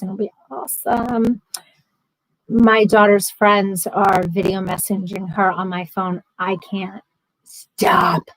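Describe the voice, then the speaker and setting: A chatty woman in her thirties hosts a casual livestream from home, answering viewer comments as they come in. Her voice sits a little high and she rambles, breaking off with ums and quick restarts. The sound is close and dry, with no room around it. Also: fairly bright tone, no echo, low-quality recording. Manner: chatty, rambling, frequent ums and self-corrections. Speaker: livestream host. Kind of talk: casual live chat reading viewer comments.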